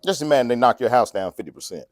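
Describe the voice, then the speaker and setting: In a conversational sermon, a man with a mid-range, sing-song voice speaks in a rapid-fire rush, with no room sound. His manner is folksy and joking; he laughs a lot and acts out quotes from the people in his story.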